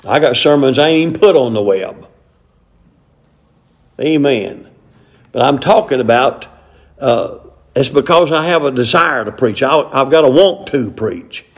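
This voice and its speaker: A man's voice: mid-range voice, animated, measured pace, long pauses. An older man, preaching a sermon in a folksy way with frequent amens. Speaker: pastor.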